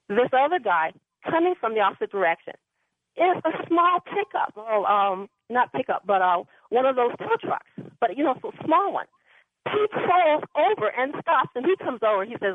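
A woman's voice: fairly high pitch, big pitch swings, moderate pace, no echo. A woman caller telling a rambling personal story, laughing now and then, heard over a phone line. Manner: chatty, rambling, laughs often. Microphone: telephone.

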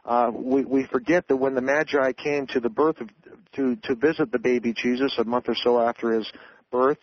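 A man's voice: medium pitch, dry recording. A man, an author, explaining his views in a radio interview in an earnest, lecturing way, often restarting his sentences. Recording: dull, dry radio audio.

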